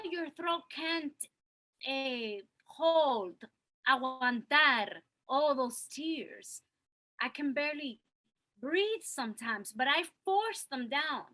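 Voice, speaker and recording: A woman's voice: high-pitched, a bit bright, heavily acted, low-quality recording. An actress playing a young working mother who speaks in a confessional monologue and slips Spanish words into her English. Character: young working mother, Cristela, holding back tears. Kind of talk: stage monologue acting.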